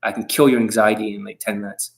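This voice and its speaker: A man's voice: on the low side, flat delivery, quick pace, poor audio. A man coaching on dating in a livestream monologue, brash and combative, swearing often and boasting about himself in the third person.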